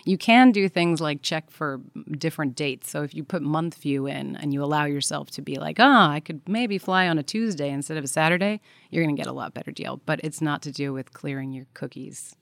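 Frank, low-voiced American woman guest. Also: fairly quick, creaky, hardly any pauses, no room sound. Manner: frank, confident, jokey. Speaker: guest travel expert. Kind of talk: casual comedic chat.

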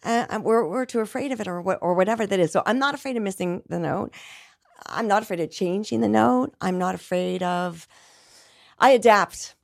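A middle-aged woman talks earnestly as a guest on a podcast, sounding reflective and circling back to restart her sentences. Her voice sits at a middling pitch. The sound is dry and close to the mic. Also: brisk, gravelly, no room sound. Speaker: guest, singer. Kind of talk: candid conversational interview.

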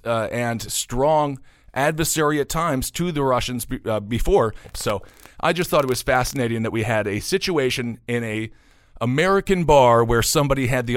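Male host, mid-pitched, sarcastic political commentary, filler-heavy delivery, dry close sound. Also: no echo. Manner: sarcastic, opinionated, many fillers. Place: New York.

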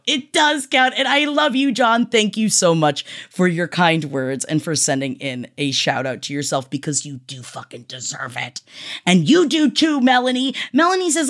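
A woman hosting a podcast, gushing and swearing freely as she reads out listener shout-outs. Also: lowish voice, big pitch swings, unhurried. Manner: gushing and profane. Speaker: podcast host.

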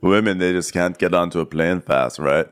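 A man co-hosting a podcast, recapping a reality show in a teasing, animated way. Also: deep voice, moderate pace, clean tone. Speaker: podcast co-host. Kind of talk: casual recap chat.

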